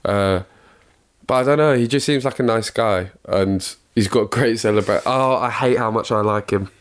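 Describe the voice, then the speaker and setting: A man's voice: fairly low pitch, normal speed. A young man co-hosting a football podcast, congested, chatting in a rambling, self-mocking way. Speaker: podcast co-host. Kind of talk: casual football chat.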